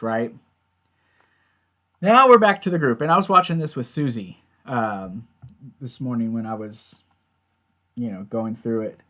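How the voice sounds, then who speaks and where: A man's voice: medium pitch, a bit bright. A man giving a casual recap of a TV episode, chatty and blunt, retelling scenes by quoting the characters and swearing now and then. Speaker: TV show reviewer.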